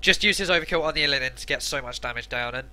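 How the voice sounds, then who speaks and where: A man's voice: mid-range voice, racing, pushed and bright. A man co-casting a live esports match, giving analytical color commentary. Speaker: esports co-caster.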